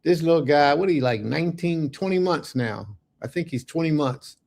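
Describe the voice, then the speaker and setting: A man hosting a religious livestream, animated and folksy, giving blessings and chatting with his viewers. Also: on the high side, moderate pace, creaky. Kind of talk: casual livestream chat.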